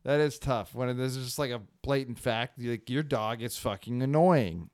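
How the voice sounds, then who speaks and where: Smooth-voiced man bantering on a podcast. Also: medium pitch, normal speed, no room sound, clean studio sound. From Northern California. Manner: bursts into loud exaggerated character voices. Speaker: podcast co-host. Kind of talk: casual comedic chat.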